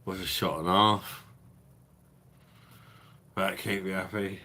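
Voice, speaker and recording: Slightly drunk, a beer review livestreamer chats casually with his viewers, wandering off topic and cursing along the way. He speaks slowly in a low, steady voice over heavy background noise.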